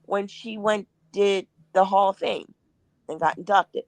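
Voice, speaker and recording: A woman's voice: medium pitch, measured pace, creaky, dry recording. A woman guest in a casual interview, telling anecdotes and acting out what people said. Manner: animated anecdotes with acted-out quotes.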